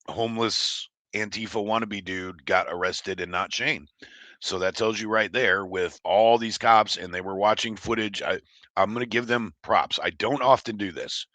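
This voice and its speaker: Low-pitched but bright and forceful, this Oregon man's voice comes through dry with no echo as he runs his livestream. He reads chat and chats loosely, rambling, blunt and full of profanity.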